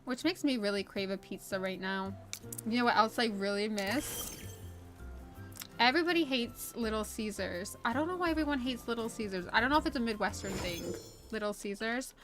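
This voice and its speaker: A woman's voice: on the high side, moderate pace, a bit bright, soft background music. An American woman chatting casually while she streams a game, rambling, restarting her sentences and laughing often. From United States. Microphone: desk USB condenser mic.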